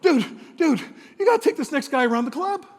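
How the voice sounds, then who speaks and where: A man on stage voicing an excited, breathless young male gym employee who blurts out his words urgently. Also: extremely high pitch, brisk, pitched above the performer's own voice. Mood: panicked. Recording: long hall reverb.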